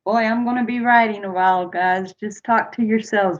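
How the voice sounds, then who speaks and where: A woman hosts a casual trivia game on a live stream, chatty and often laughing as she reads questions and talks with viewers. Her voice is medium in pitch with fairly even intonation and a moderate pace. The stream audio is dull and lo-fi.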